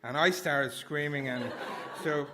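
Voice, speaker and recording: A man's voice: fairly high pitch, measured pace, noisy background. A man performing a comic personal story at a live story slam, rambling and self-mocking, laughing through his lines. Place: small live venue indoors.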